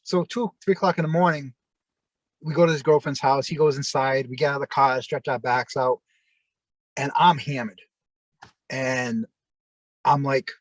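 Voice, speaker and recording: A man telling long personal stories in a rambling, halting way, full of restarts. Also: medium pitch, steady tone, no echo. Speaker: interview guest. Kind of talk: casual storytelling.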